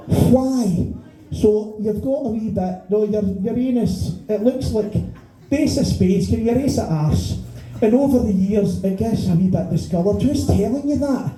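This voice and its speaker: A man's voice: high-pitched, warm tone. A middle-aged Scottish man doing a stand-up set, ranting with profanity and exasperated rhetorical questions. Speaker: stand-up comedian. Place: small bar venue stage. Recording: echoey bar room.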